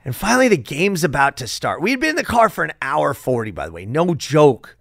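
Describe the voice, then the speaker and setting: Middle-aged male vlog host, gravelly and animated, dry close sound, keeps asking "right?". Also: a little high, a little fast, no echo. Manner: chatty, rhetorical questions, frequent "right?". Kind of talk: casual vlog monologue.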